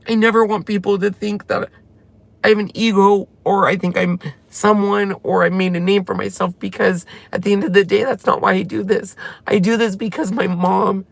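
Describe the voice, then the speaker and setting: Heartfelt male vlogger near tears, rambling and gravelly, close dry mic. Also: high voice, a bit bright, no room sound. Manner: tearful, heartfelt, rambling retelling. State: emotional, close to crying. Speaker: channel host. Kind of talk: emotional personal vlog talk.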